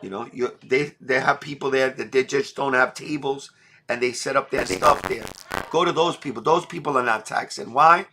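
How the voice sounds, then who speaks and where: A man's voice: mid-range voice, moderate pace, noisy background. Blunt New man on a livestream. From New York. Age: middle-aged. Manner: blunt, repetitive street slang. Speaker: livestream host. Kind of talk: emotional casual livestream talk.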